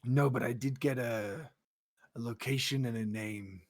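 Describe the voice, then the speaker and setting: A man's voice: mid-range voice, steady tone, unhurried, no echo, clean studio sound. A man playing a tabletop game, chatting casually and joking. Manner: joking, laughing often. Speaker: player.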